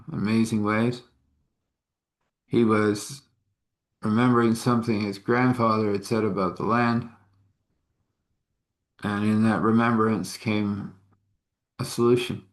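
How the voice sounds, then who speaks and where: A man's voice: lowish voice, fairly bright tone. A man telling a story in a casual, folksy way with chuckling asides.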